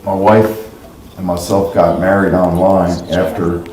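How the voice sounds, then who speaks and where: A man's voice: sits low, flat delivery, a little slow, a little mellow, slight background noise. A middle-aged man from the New York area, hosting a livestream and telling rambling stories in a casual, folksy way. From New York / New Jersey. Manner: chatty, folksy, laughs at his own stories. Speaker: livestream host. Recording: roomy echo.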